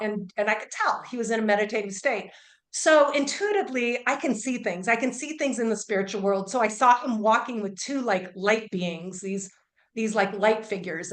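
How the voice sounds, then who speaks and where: A woman's voice: medium pitch, fairly bright tone. A woman Reiki healer telling an earnest, emphatic story as an interview guest, often restarting her sentences. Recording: roomy echo.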